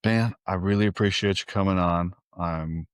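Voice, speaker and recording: An American man hosting a podcast, chatting in a relaxed, laid-back way and swearing casually. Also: low voice, moderate pace, clear, resonant tone, no room sound, studio quality. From United States. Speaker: podcast host. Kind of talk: casual interview chat.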